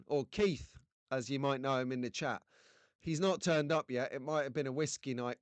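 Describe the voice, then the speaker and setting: A man's voice: on the high side, clean tone, no room sound. A man from England hosting a casual live stream, chatty and jokey, greeting viewers by name.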